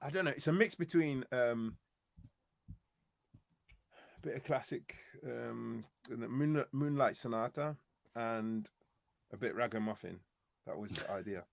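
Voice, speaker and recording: A man's voice: medium pitch, slow, vocal fry, long pauses, no echo. A man from Nottingham with an East Midlands accent, a guest songwriter chatting loosely and laughing as he rambles. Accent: East Midlands English. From Nottingham, England. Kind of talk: casual interview chat.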